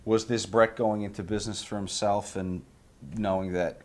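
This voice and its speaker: A man's voice: fairly low pitch, level tone, moderate pace. A man interviewing a guest, asking probing questions with a joking edge.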